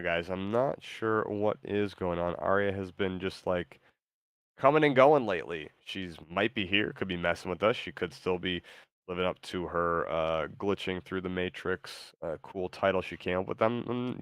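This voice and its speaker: A man with a very deep, smooth, resonant voice, hosting a stream and chatting casually. He talks hesitantly, stopping on fillers and restarting his sentences. The sound is close and dry. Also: moderate pace, fairly bright tone, dry recording. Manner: hesitant, lots of ums and restarts. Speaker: streamer host. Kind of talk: casual chat, reading viewer messages.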